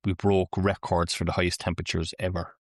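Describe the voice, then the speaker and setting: Deep-voiced Irish man, jokey podcast co-host. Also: flat delivery, fairly quick, dry recording, studio quality. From Ireland. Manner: colloquial and jokey, laid-back. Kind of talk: casual podcast chat.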